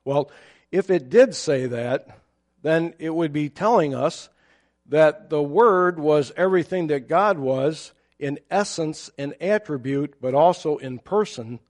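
A pastor preaching a sermon, explaining a Bible passage in a measured, teacherly way with occasional fillers. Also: male voice, fairly high pitch, darkish tone.

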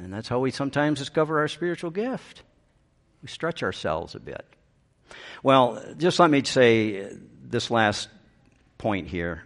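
Male pastor, middle-aged, low-pitched; sermon delivery, builds to emphatic peaks, wry asides. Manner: rises to emphatic peaks, dry self-aware humor.

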